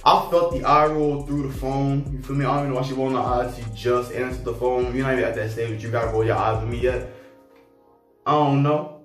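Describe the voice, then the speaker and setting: A young man telling a casual storytime, slangy and animated, acting out both sides of the conversation. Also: mid-range voice, a little fast. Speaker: vlogger. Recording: echoey room heard from a distance, faint music.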